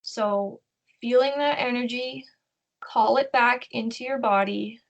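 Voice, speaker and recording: A woman co-hosting a podcast, slowly guiding listeners through a meditation in a soothing, instructive way. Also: on the high side, fairly even intonation, creaky, muffled recording. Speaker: podcast co-host. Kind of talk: guided meditation.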